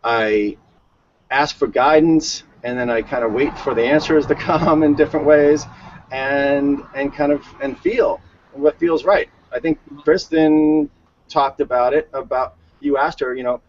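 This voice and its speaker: A man co-hosts a casual conversation in a mid-range voice, speaking at a measured pace with fairly even intonation. He's chatty and tends to repeat words while telling stories. The recording sounds dull and lo-fi.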